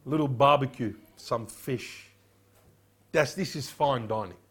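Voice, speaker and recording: A man preaching a sermon as a pastor, firing rhetorical questions and dropping quiet on solemn points. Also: mid-range voice, measured pace, husky.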